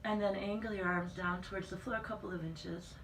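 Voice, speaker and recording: A woman fitness instructor leading a guided plank workout, giving calm cues and reminding listeners to breathe. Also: medium pitch, brisk, slight background noise. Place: fitness center room. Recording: echoey room from a distance.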